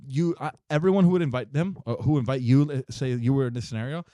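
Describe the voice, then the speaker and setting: A man's voice: mid-range voice, fast, mellow, dry recording, studio quality. A young man co-hosting a podcast in a rambling, slangy chat, with lots of restarts and laughter. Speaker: podcast co-host. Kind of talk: casual chat.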